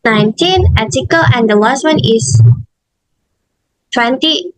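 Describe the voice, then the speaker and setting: A woman's voice: high-pitched, expressive, no echo, poor audio. A young woman with an Indonesian accent presenting a linguistics assignment, reading carefully and correcting herself as she goes. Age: young adult. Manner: slow, careful, with self-corrections and restarts. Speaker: student presenter.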